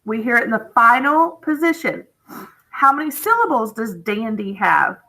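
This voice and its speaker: A woman teacher giving a spelling lesson to young students, drawing out each word slowly and patiently. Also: a little high, sing-song, pushed and bright, poor audio.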